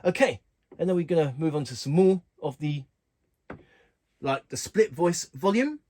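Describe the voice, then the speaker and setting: A man casually walking through keyboard functions in a relaxed, plain way, talking while he presses buttons. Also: a little high, normal speed. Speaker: keyboard tutorial host. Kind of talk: casual instructional walkthrough.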